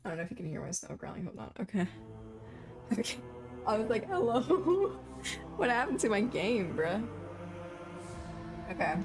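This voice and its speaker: A woman's voice: mid-range voice, lively intonation, fairly quick, long pauses, music in the background. A young woman streaming a video game, chatting casually with her viewers and muttering to herself, a self-described mumbler. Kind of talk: casual live-stream chatter while playing.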